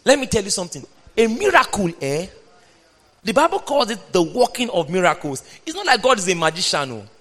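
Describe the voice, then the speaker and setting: A man preaching a sermon, reading scripture aloud and speaking emphatically, at times shouting. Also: sits high, sing-song, brisk. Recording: long hall reverb.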